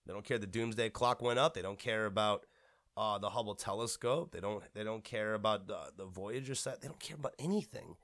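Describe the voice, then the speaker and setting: A man's voice: on the low side, a little fast, fairly bright tone. A young man ranting bluntly and profanely in a podcast monologue, rambling and restarting his sentences.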